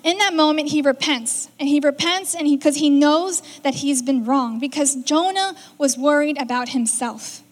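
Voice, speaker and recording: A woman's voice: high voice, moderate pace, few pauses. A woman preaching a sermon in a conversational way, acting out the lines she quotes. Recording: reverberant hall.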